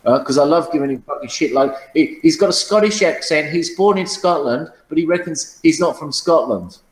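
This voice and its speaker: A man's voice: fairly high pitch, fairly quick, reverberant, rough recording. A man telling profane, boastful stories in casual chat, often laughing at his own tales. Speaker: channel host.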